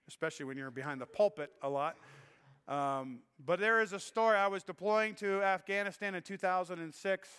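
Earnest pastor preaching in a reverberant church. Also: male voice, fairly high pitch, a bit bright, clean tone. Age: middle-aged. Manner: earnest, emotional storytelling with restarts. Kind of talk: sermon. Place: church sanctuary.

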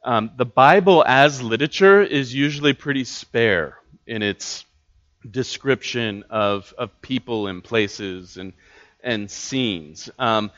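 A man's voice: mid-range voice, a bit bright, dull audio. A man teaching a Bible study class in a casual way, with many fillers and restarts.

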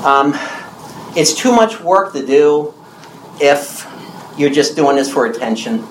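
A man in his sixties preaching a sermon with emphasis, asking the audience questions and repeating key phrases slowly. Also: mid-range voice, animated, reverberant, a little hiss or hum, low-quality recording. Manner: asks the audience questions and answers them.

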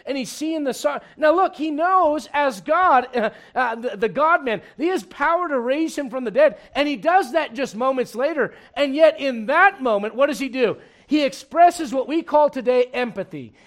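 High-voiced animated preacher man. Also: moderate pace, few pauses. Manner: animated preaching with humor and rhetorical questions. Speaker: pastor. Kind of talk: sermon.

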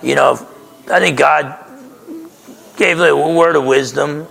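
A man's voice: on the high side, slow, gravelly, fairly bright tone. A man in his sixties from New Jersey, preaching a conversational, emphatic sermon as a pastor. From New Jersey, USA. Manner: conversational, emphatic, keeps asking "okay?". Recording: reverberant hall.

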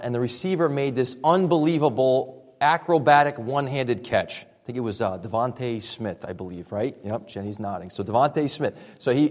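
A man preaching a sermon as pastor, speaking in a conversational way with frequent restarts. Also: mid-range voice. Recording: reverberant hall.

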